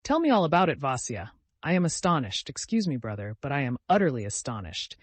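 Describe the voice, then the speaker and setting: A man voicing an excitable, sentimental young man who exclaims loudly, in an audiobook reading. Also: mid-range voice, a little fast, no room sound. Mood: excited.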